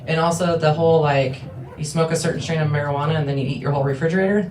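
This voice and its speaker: A woman presenting at a conference, joking and quick to laugh during the Q&A. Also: sits low, steady tone, crowd noise. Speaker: breakout session presenter. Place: conference room. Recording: echoey room with background noise.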